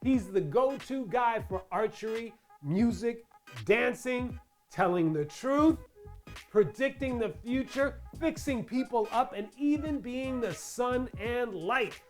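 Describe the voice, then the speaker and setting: A chatty host walks viewers through a crafting tutorial in voice-over. The delivery is playful, with asides and rhetorical questions aimed at the audience, all at an ordinary middle pitch. Soft music runs quietly underneath. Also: expressive, takes it slowly.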